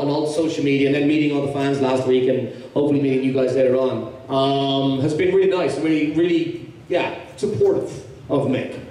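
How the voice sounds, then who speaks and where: An Irish man speaking a little high for a man, recorded from a distance in a big reverberant convention hall. His talk runs loose and chatty, circling back on itself with restarts and light humor. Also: dark tone. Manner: rambling, with many restarts and easy humor. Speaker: actor guest at fan convention panel. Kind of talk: casual Q&A panel talk. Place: large convention hall with audience. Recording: echoey hall, mic from far off.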